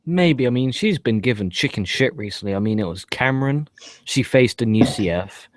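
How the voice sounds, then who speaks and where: A man co-hosting a wrestling review podcast, rambling and swearing in loose, excitable banter. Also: mid-range voice, no room sound. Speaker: podcast co-host. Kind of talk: casual wrestling review chat.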